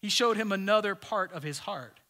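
A man preaching a sermon to his congregation in a conversational, joking way, often dropping suddenly to a soft voice. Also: high voice, moderate pace. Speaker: pastor.

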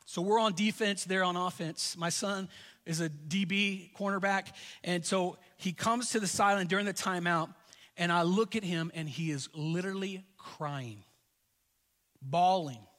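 Middle-aged guy preaching, high bright voice, earnest, trips over his words a lot, big hall echo. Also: unhurried. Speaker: pastor. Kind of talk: sermon with personal stories. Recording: long reverb of a large hall.

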